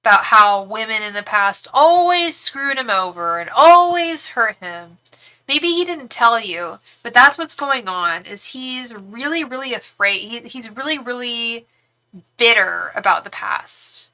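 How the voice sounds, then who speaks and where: Bright-voiced woman reading tarot live. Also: fairly high pitch, lively intonation, unhurried. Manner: frank, profane, chatty with many fillers. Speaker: tarot reader and psychic.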